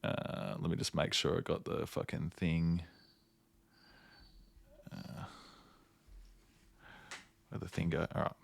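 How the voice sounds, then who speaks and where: Deep-voiced man hosting a casual chat. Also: little pitch movement, gravelly. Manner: halting, lots of fillers and restarts, swears. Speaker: podcast host.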